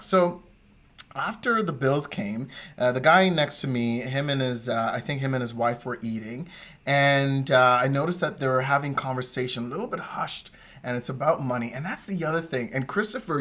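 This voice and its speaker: Male podcast co-host, mid-pitched, chatty storyteller who wanders off on tangents and laughs often. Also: brisk, a bit bright. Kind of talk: casual storytelling chat. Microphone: remote podcast mic.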